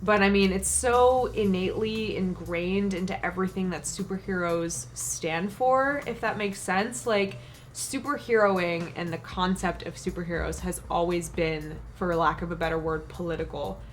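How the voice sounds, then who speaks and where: A woman's voice: lowish voice, normal speed, slight background noise. A woman hosting a reaction video, talking casually and emotionally with lots of restarts. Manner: effusive, emotional, rambling with restarts.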